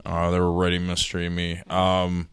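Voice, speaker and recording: A young man chatting casually, telling profane stories and acting out quotes loudly. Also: sits low, completely flat delivery, moderate pace, clear, resonant tone, no room sound. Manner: profane storytelling with loud acted quotes. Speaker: podcast guest, rickshaw driver. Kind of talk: casual chat.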